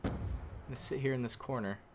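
A man commentating his own game casually, muttering and then shouting in frustration, using mild minced swears. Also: mid-range voice, steady tone, quick pace, background noise. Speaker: gameplay commentator.

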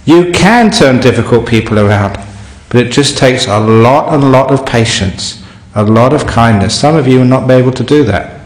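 A man's voice: mid-range voice, moderate pace. Man telling a teaching story in an echoey hall. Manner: storytelling, humorous, lively. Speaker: Buddhist monk teacher. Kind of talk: dharma talk answering a question.

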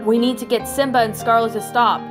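A woman voicing a loyal, sharp-tongued young lioness, reading her lines plainly in a storybook reading. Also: a little high, level tone, fairly quick, lightly acted. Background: soft background music.

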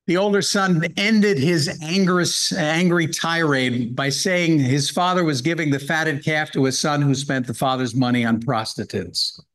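As a guest speaker at a Bible hour, a man delivers a sermon, earnestly reading scripture and explaining it verse by verse. His voice is fairly high and bright, and the audio quality is poor.

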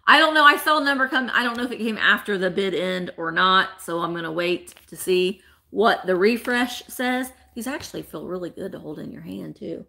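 A woman's voice: mid-range voice, lively intonation, moderate pace, vocal fry, sharp tone. A woman hosting a live online sale, chatting playfully with viewers by name and laughing often. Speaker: live-sale host selling vintage items. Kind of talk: casual live-stream auction chat.

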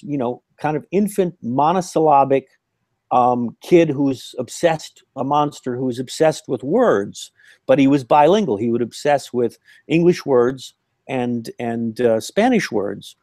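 A man's voice: medium pitch, unhurried, dry recording. An older man, a puppeteer guest, telling anecdotes in a casual interview over a remote call. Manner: animated anecdotal storytelling with laughs. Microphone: remote call line.

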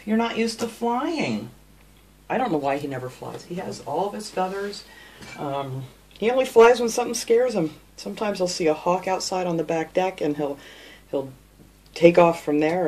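A woman's voice: fairly low pitch, a little mellow, breathy edge. A woman hosting a casual shopping haul vlog from her home craft room, chatty and rambling with fillers. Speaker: craft channel host.

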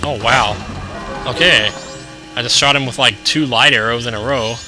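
A young man casually commentating a video game, excitable and jokey, thinking aloud as he plays. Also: mid-range voice, moderate pace, low-quality recording. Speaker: let's play commentator. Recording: game music playing behind voice.

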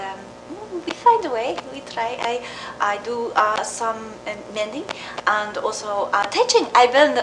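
An actress playing a middle-aged Czech immigrant mother with a Czech accent, speaking halting broken English with fillers in a mock documentary interview. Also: fairly high pitch, reverberant. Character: Czech immigrant mother, tender, humble, emotional. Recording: scratchy old film recording.

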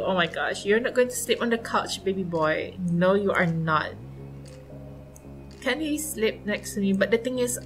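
A woman's voice: mid-range voice, fairly bright tone. A young adult woman hosting a casual gameplay commentary, gushing and exclaiming often. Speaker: gaming channel host. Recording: faint background music.

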